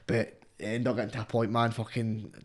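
A man's voice: lowish voice, level tone, brisk. A young man with a Scottish accent, a podcast guest chatting casually in a rambling, sweary way. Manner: rambling and sweary, constant filler phrases. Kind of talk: casual chat.

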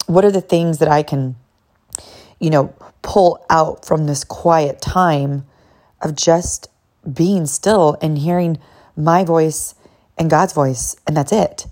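Low, warm-voiced woman podcaster. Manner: candid and reflective, with frequent "like" and bursts of laughter. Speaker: podcast host. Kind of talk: personal faith podcast talk.

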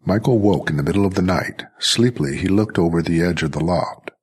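A man narrating a story in a measured audiobook reading. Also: sits low, darkish tone, breathy edge.

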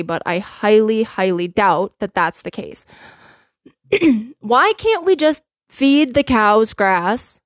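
A woman with a fairly high voice hosts her solo podcast, chatting casually. She is blunt and opinionated, swears freely and laughs a lot. The recording is close and dry with no room sound. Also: no room sound. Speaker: podcast host.

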